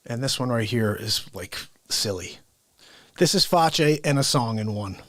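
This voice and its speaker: A man's voice: mid-range voice, lively intonation, normal speed, fairly bright tone, no echo. A man hosting a live comedy stream, chatting casually and directly with his viewers. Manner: chatty, talks straight to viewers. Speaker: livestream host.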